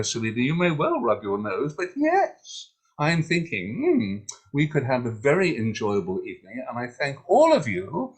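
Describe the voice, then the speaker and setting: A man's voice: on the high side, breathy edge. A man telling a humorous folk tale and hosting an online story event, playful and full of mock drama, heard over a video call.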